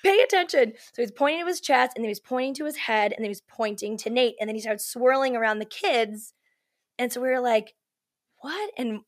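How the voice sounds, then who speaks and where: A woman with a somewhat high voice, telling a story as a guest in a casual podcast chat. She talks in an easy, rambling way, leans on "like" and "you know", and acts out what others said with lively quoted voices. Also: fairly quick. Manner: chatty, heavy use of "like" and "you know"; animated, acts out quoted lines.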